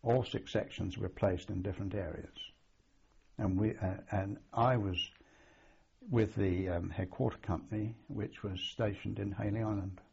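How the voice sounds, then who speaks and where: An older man recalling his wartime service in an oral history interview, halting often with ums and restarts. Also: lowish voice, fairly even intonation, vocal fry, mellow, muffled recording, a little hiss or hum. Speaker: veteran interviewee.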